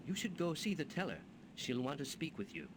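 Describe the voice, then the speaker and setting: A man's voice: a little high, very animated, brisk, noisy background. An actor playing a young winged guardsman in a video game, earnest and formal.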